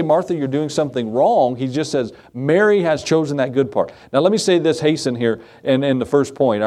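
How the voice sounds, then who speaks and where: A male pastor delivering an evening sermon in an easy, talkative manner. He leans on rhetorical questions, little laughs and asides to the congregation. His voice sits at an ordinary middle pitch, swinging up when he stresses a point and sinking low as phrases trail off. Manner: conversational preaching with rhetorical questions and soft laughs.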